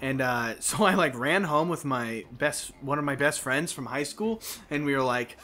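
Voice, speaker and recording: A man's voice: medium pitch, normal speed, bright, forceful tone. A man co-hosting a casual gaming let's play, a crude, joking storyteller who laughs often.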